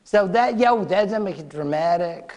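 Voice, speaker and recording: A man's voice: sits high, lively intonation, unhurried, a little mellow, highs cut off. A man giving a casual, playful history lecture to a class, joking and acting out short quotes.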